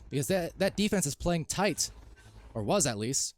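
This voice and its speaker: A man casting a live esports match, calling plays quickly and rising to shouts when goals are scored. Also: fairly high pitch. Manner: excitable, rises to shouts on goals. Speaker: esports caster. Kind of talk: live play-by-play commentary.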